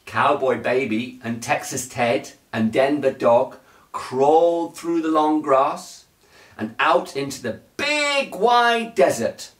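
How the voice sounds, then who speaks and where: Man, bedtime story reading, lively sing-song pitch, unhurried, echoey room. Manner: slow, gentle, lilting read-aloud.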